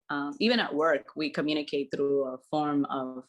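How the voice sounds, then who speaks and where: Low-voiced woman chatting candidly. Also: a little fast, hardly any pauses. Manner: candid, animated, laughs easily. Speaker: podcast co-host. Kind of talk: casual conversation.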